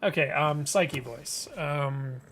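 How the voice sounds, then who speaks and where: A man's voice: high voice, very animated, moderate pace, fairly bright tone. A man hosting a casual live webcomic reading, commenting with joking, chuckling asides. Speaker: mythology channel host.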